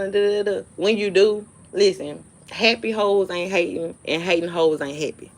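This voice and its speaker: Woman, slightly low voice, blunt and cursing, casual livestream rant. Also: normal speed, hardly any pauses. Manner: blunt, profane, dismissive, animated storytelling. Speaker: livestream host. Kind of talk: casual live-stream rant.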